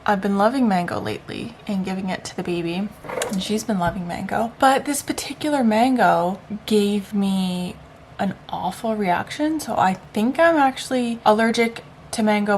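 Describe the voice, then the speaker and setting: Young woman, new mom, casual talking vlog, rambling and chatty, filmed at home on a camera mic, faint background hiss. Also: mid-range voice. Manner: chatty, rambling, filler-heavy. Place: at home indoors. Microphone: camera-mounted mic.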